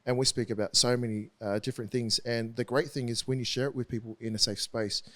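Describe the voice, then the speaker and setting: Earnest man, halting candid storytelling. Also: medium pitch, steady tone, a bit bright. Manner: earnest, halting with frequent restarts. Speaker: interview guest, rugby league player. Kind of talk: candid podcast conversation.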